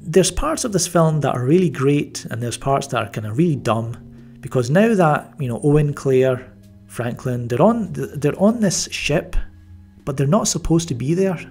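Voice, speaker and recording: A man's voice: a little high, expressive, normal speed, darkish tone, faint music behind. A man giving a casual spoken movie review, rambling with many fillers and restarts and a wry, mildly sarcastic edge. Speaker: film reviewer.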